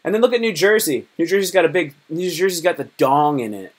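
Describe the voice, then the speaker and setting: A man's voice: fairly high pitch, animated, fast talker. A man from Virginia chatting casually on a live stream, joking and rambling in a loose, slangy way. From Virginia, United States.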